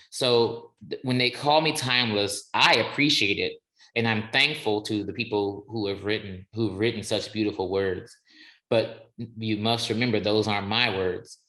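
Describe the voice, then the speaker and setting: A man's voice: fairly low pitch, sharp tone. A male singer, a guest in an interview, tells a personal story with earnest, emphatic declarations. He thinks aloud and restarts his sentences. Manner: earnest and emphatic, builds slow deliberate declarations.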